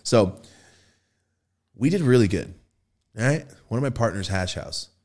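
Casual podcast storyteller, man, lowish voice, profane and excitable. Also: unhurried. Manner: animated, profane, jumps into high excited voices for quotes. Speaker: podcast host telling a story.

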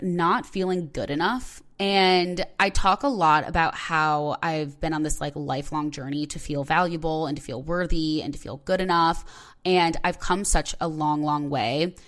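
A young woman hosting her own podcast, talking candidly and rambling with lots of filler words. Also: deep voice. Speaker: podcast host. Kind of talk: personal podcast monologue.

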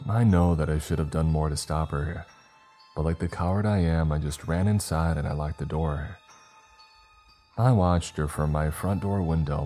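A man reading a first-person horror story in a measured, low-key way. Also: dark tone.

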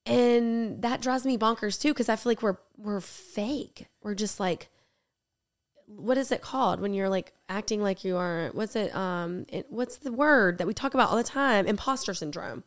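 A young woman co-hosting a podcast in casual, jokey chat, talking in quick bursts. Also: mid-range voice. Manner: chatty, jokey, talks fast in bursts. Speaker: podcast co-host.

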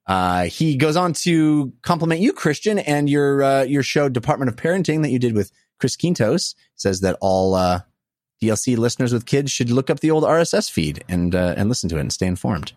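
A man's voice: medium pitch, sing-song, brisk, a little mellow, dry recording, clean studio sound. A man hosting a casual podcast, talking loosely with frequent "uh" fillers. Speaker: podcast host.

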